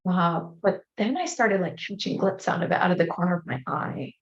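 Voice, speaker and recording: A woman's voice: medium pitch, expressive, brisk, few pauses. A woman in her thirties, a guest speaker telling an emotional personal story and acting out the quotes. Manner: earnest, emotional retelling with acted-out quotes. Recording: roomy, slightly dull audio.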